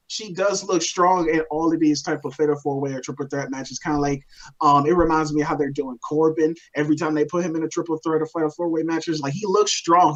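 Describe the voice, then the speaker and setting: Male co-host, fairly high voice, exasperated profane rant. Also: highs cut off. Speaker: podcast co-host. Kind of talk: casual chat.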